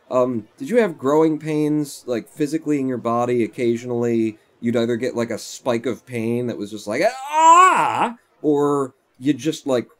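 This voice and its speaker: A man's voice: medium pitch, mellow. Rambling man streaming. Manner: rambling, chatty storyteller. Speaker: live streamer. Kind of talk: casual live-stream chat while playing. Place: at home.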